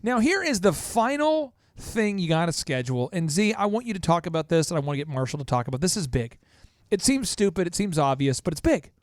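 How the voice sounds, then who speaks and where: A man from Minnesota hosting a business podcast, telling stories with energetic, salesy flair. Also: high-pitched, a little fast, no room sound, clean studio sound. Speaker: podcast host.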